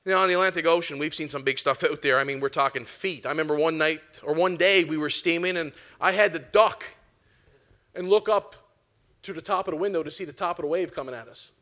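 A man delivering a sermon in a relaxed, folksy way. He mixes everyday chatter with scripture and throws out "amen" and "come on" to his listeners. His voice sits high and sounds bright and forward. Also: fast talker. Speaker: preacher.

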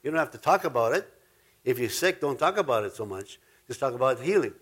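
A man's voice: medium pitch, animated, fast talker, breathy edge. A man teaching from the Bible in an informal, rambling way, often correcting himself and acting out the quoted lines. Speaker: preacher.

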